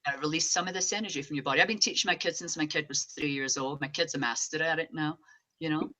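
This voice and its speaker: A woman talks as a psychic medium being interviewed, chatty and full of animation. Her voice sits a little low for a woman. It carries a bright, forceful edge. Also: fast talker. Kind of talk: casual interview chat.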